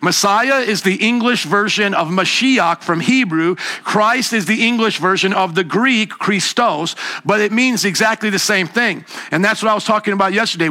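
A man preaching a sermon to a congregation, emphatic and animated, sometimes mimicking scoffers in a high, mocking voice. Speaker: pastor.

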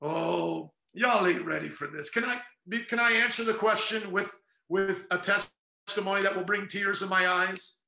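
Middle-aged male pastor, fervent and sarcastic, bright tense voice in an echoey room. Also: sits high, steady tone, normal speed, vocal fry. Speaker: pastor and podcast host. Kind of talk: casual preaching podcast.

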